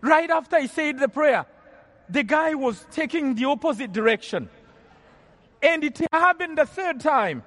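High-voiced man preaching in a reverberant hall. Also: lively intonation, a little slow, fairly bright tone. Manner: earnest, repeats and restarts phrases. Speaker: preacher giving testimony. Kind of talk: storytelling sermon testimony.

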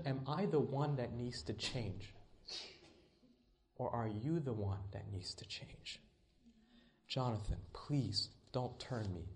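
A man voicing God as a patient male spirit who asks slow, gentle, searching questions in a hushed tone. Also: medium pitch, voice pushed down.

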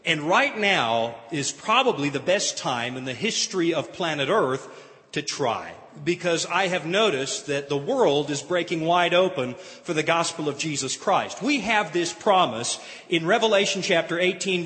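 A male pastor preaching with lively, rising emphasis. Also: fairly high pitch. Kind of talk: sermon. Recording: hall with long reverb.

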